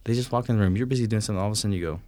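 A man's voice: on the low side, rapid-fire, darkish tone, no room sound. A man in casual conversation, animatedly telling stories about his faith and acting out bits of dialogue with chuckles.

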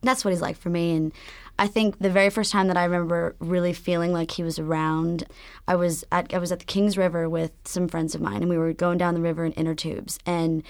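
A woman in casual conversation, earnestly recalling a personal experience with soft laughs. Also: fairly low pitch, flat delivery, fairly quick, smooth, dry recording, clean studio sound.

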